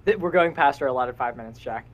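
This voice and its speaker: A young man co-hosts a casual podcast chat, talking fast in a mid-range voice. He rambles, cuts himself off, and laughs often, and the recording quality is low.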